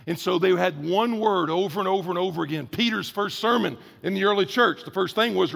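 A man's voice: high voice, brisk, creaky, hardly any pauses, fairly bright tone, in a large hall. A man preaching a sermon as pastor, in a conversational, emphatic way, stretching out key words. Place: church.

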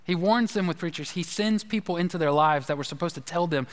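A fairly quick, high-leaning male voice preaches loosely to his congregation, spinning stories with asides. The pastor's words carry the long reverb of a large hall.

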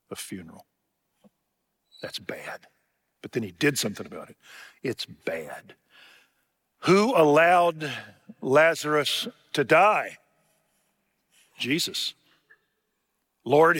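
A man delivers a sermon in a middle-pitched voice, posing questions to his listeners and drawing out the words he wants to land. His voice rings with a long hall reverb. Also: fairly bright tone, husky. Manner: rhetorical questions, slows for emphasis. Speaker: pastor.

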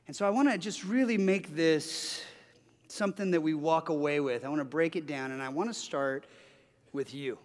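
A man in his forties, a pastor preaching a sermon, telling a personal story in an animated way, often restarting his sentences. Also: fairly high pitch, moderate pace. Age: 40s. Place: church sanctuary. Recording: long hall reverb.

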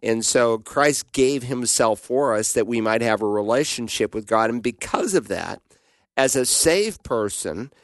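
A man's voice: medium pitch, expressive, a little slow, no room sound, studio quality. A man teaching the Bible on a radio call-in show, answering questions in an emphatic, preaching manner.

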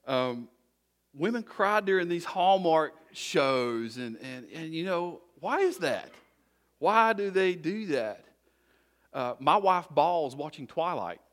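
A man's voice: on the high side, expressive, takes it slowly, fairly bright tone. Man preaching with repeated exhortations. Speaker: pastor. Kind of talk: sermon.

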